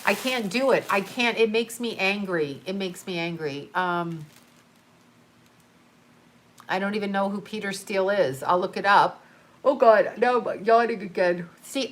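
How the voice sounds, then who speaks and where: A woman's voice: mid-range voice, fairly bright tone. Chatty woman rambling on a livestream. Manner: chatty, jumps between topics, reacts to comments. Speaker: livestream host answering viewer comments. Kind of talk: casual rambling chat.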